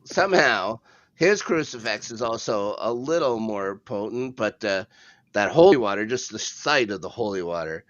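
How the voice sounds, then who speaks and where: A man's voice: lowish voice, expressive, normal speed, a bit bright, no room sound, highs cut off. A man co-hosting a podcast, casually recapping a TV episode in a laid-back, rambling way with a chuckle now and then. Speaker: podcast co-host.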